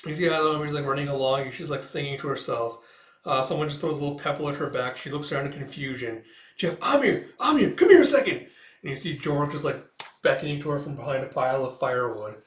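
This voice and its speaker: A man's voice: mid-range voice, fairly even intonation, fast talker, fairly bright tone. A man casually retelling a comic story, loose and chatty with many fillers. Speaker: manga reader and commentator. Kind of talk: casual read-along recap. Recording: roomy echo.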